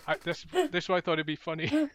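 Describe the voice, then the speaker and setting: A man's voice: a little high, sing-song, quick pace, slight background noise. Rambling, giggly male podcast host. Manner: rambling, giggly, trails off and restarts. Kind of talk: casual chat.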